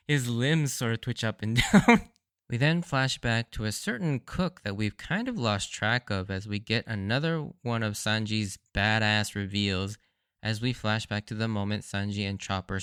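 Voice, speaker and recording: A man hosting a solo podcast, recapping episodes in an enthusiastic, animated fan style. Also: on the low side, clean tone, dry recording, clean studio sound. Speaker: podcast host. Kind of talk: casual solo anime rewatch commentary.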